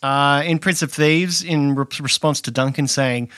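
A man's voice: flat delivery, moderate pace, fairly bright tone, clear, resonant tone, no echo. A man in casual podcast banter who swears and laughs a lot. He drops his voice when he reads out film lines. The sound is close and dry, with no room in it. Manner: laughing, profane, reads quotes aloud in lowered voice. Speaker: podcast co-host. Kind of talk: casual film-review chat.

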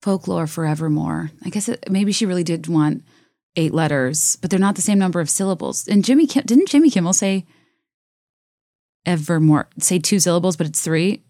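A woman's voice: lowish voice, lively intonation, normal speed, warm tone, no room sound, studio quality. Chatty self-mocking woman podcaster. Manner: chatty, self-mocking, many fillers and restarts. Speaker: podcast host. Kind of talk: casual solo podcast rambling.

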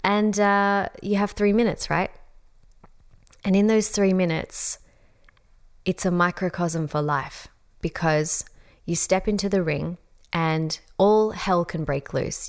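Australian woman giving a motivational talk. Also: on the low side. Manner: earnest, conversational, acts out panicked voices. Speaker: speaker on calm and leadership.

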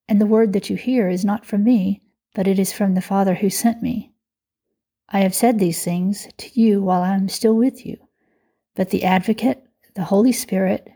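A woman reading a scripture passage aloud at a steady, even pace. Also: medium pitch, slightly rough. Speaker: scripture reader.

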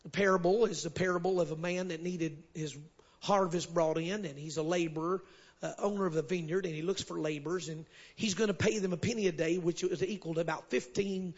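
High husky preacher. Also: male voice, steady tone, fairly quick, lo-fi sound. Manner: builds to shouted call-and-response, sprinkles amen. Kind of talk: sermon. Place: church service with congregation.

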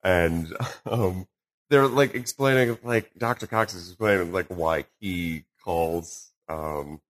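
A young man co-hosting a podcast, talking casually and rambling with lots of ums and quick asides. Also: sits low, fairly bright tone. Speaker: podcast co-host. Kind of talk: casual chat. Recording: poor home audio.

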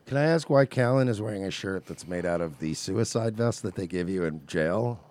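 Laid-back podcast co-host, a man with a low voice and wry, rambling jokes. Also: animated, normal speed, a little mellow. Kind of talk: casual comedic banter.

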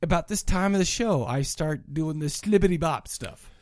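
A man's voice: on the high side, normal speed, a little mellow, dry recording, studio quality. A man co-hosting a podcast, chatting casually and jokingly about a movie, rambling and stumbling over names. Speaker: podcast co-host. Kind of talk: casual comedic movie review chat.

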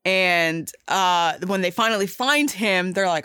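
A young woman casually retelling a movie plot, chatty and excitable, swearing and acting out quotes. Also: fairly low pitch, a little slow, few pauses, clean tone, dry recording, clean studio sound.

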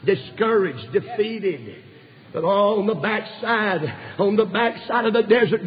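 Raspy high-voiced preacher. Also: male voice, lively intonation, slow pace, faint music behind. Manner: impassioned storytelling preaching with frequent "uh" fillers. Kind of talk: fervent sermon. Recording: dull recording with long hall reverb.

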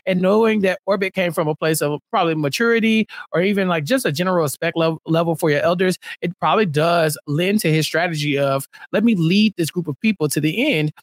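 A man's voice: on the high side, fairly quick, few pauses, no room sound, studio quality. A man co-hosting a podcast, chatting casually and acting out quotes from a show in raised voices. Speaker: podcast co-host. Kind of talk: casual recap chat.

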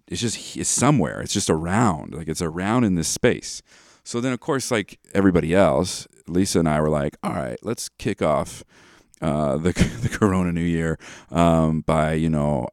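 A man's voice: deep voice, dry recording, studio quality. A man in his thirties hosting a podcast, talking casually and animatedly, with many fillers. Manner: animated, rambling with many fillers, acts out lines. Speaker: podcast host. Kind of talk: casual monologue.

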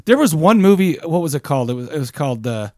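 A man's voice: fairly high pitch, sing-song, fast, mellow, no room sound, studio quality. A man co-hosting a casual podcast, guessing movie answers and muttering to himself as he thinks.

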